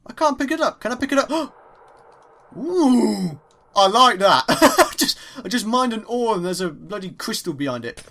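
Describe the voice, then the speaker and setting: A young man with an English accent giving chatty, excitable let's play commentary as he mines, exclaiming at each new find. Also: high-pitched, quick pace, hardly any pauses. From England. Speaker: gaming YouTuber.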